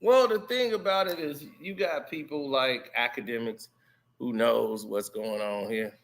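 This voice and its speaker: A man giving casual commentary, animated and laughing often. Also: medium pitch, measured pace. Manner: animated, laughing, mimics loud greetings.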